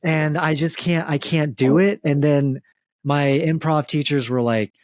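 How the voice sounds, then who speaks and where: A man's voice: on the high side, steady tone, a little slow, dry recording, studio quality. A man from the American South co-hosting a casual comedy chat, joking and self-deprecating, laughing often. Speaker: podcast co-host.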